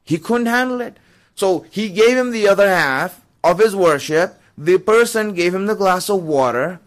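A man's voice: high voice, expressive, normal speed. A man preaching a storytelling sermon in a loose, conversational way, full of asides and chuckles. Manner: conversational, fillers, chuckles while telling.

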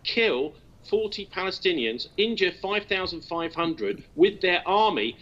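A man's voice: high-pitched, expressive, unhurried, a bit bright, lo-fi sound. A male journalist arguing as a guest on a TV debate, insistent and building to indignation. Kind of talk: heated TV debate argument.

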